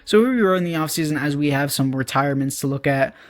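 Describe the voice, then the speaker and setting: A man's voice: fairly high pitch, quick pace, no room sound. A young man giving casual, chatty commentary over a video game as a YouTuber, talking to his viewers. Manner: chatty, upbeat, addresses viewers as boys. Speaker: gaming YouTuber.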